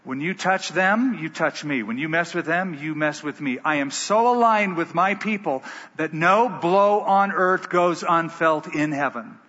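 A man's voice: fairly high pitch, measured pace, bright, forceful tone. A man voicing a grave, compassionate male divine figure who speaks in solemn, emphatic declarations. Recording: dull, echoey hall.

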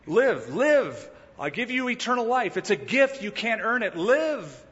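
A male pastor preaching a sermon in a lively way, often acting out the people he quotes. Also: very high-pitched, a little slow, in a large hall, highs cut off. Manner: animated preaching that acts out quoted speakers.

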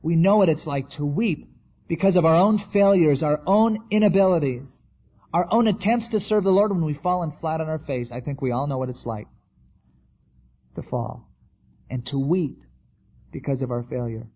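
Preacher with a husky, mellow voice. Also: male voice, fairly high pitch, moderate pace, lo-fi sound. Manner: conversational preaching, acts out quotes. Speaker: pastor. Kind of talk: sermon.

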